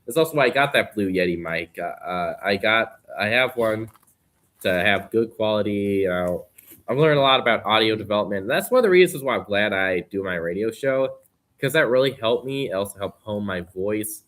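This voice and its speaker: Podcast guest: young man, lowish bright tone, earnest and rambly. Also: lively intonation, moderate pace. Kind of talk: casual conversation.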